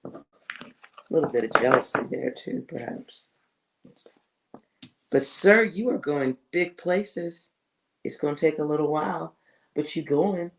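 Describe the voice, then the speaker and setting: A woman giving a live tarot reading to a viewer, blunt and slangy, often laughing, swinging between loud outbursts and hushed asides. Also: low-pitched, a little slow, pauses often, low-quality recording. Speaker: tarot reader.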